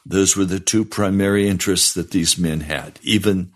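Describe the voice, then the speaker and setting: A male pastor preaching a broadcast sermon, fiery and reading scripture aloud, rising in pitch on pointed questions. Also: steady tone, normal speed. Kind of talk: radio sermon.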